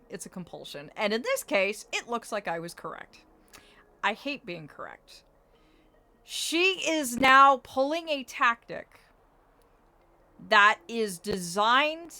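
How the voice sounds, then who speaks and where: A woman's voice: a little high, pushed and bright. A woman streaming a game, chatting casually and theorizing in a playfully dramatic way.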